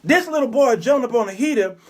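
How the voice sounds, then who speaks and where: Man in his fifties, high-pitched for a man, show host, preacherly storyteller, acts out characters. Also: lively intonation, a little fast. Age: 50s. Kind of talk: commentary monologue with storytelling.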